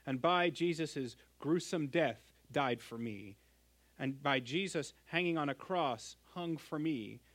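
A middle-aged pastor preaching to his church in an earnest, emphatic way. His slightly higher man's voice rises on stressed words and drops to a hush at the ends of lines. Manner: earnest, emphatic, swings from loud to hushed. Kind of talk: sermon.

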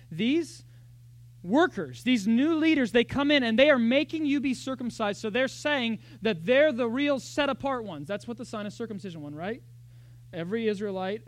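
A pastor giving a sermon in a church, talking in an animated, conversational way with lots of rhetorical questions. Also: male voice, high voice.

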